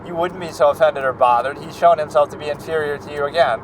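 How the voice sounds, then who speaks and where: A man's voice: on the high side, fairly even intonation, quick pace, background noise. A man giving casual, opinionated reaction commentary on a TV series, rambling with lots of fillers. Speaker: show commentator.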